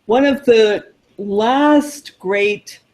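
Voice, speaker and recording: A man co-hosting a casual film chat, enthusiastic and quick to chime in with repeated agreement. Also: high-pitched, darkish tone. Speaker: film show co-host.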